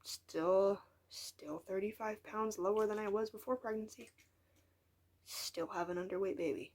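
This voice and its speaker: A woman's voice: medium pitch, measured pace, a little mellow. An eighteen-year-old woman talking in a casual vlog monologue, frank and frustrated, rambling and dropping into whispered asides. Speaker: vlogger.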